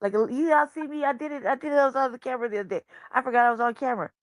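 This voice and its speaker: Animated, profane woman host. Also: high-pitched, very fast, no echo. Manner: profane, animated storytelling with slang. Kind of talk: casual livestream chat.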